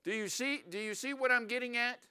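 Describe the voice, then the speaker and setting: This pastor's voice is very high-pitched and smooth, and he talks a little fast. Preaching in a church sanctuary, he stays animated and frequently questions his congregation.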